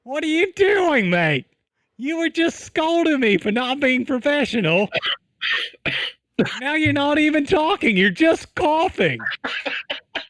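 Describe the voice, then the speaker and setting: A man's voice: high voice, animated, a little slow, no echo. Man putting on a brash Aussie bloke host. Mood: bossy. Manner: bossy, slangy, calls everyone mate. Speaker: comedy podcast host. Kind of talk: improvised comedy podcast bit. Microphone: podcast microphone.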